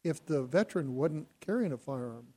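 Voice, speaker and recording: A man co-hosts the talk show with casual, sardonic remarks. His voice is notably high for a man. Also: lively intonation, normal speed, dark tone, breathy edge. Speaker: co-host.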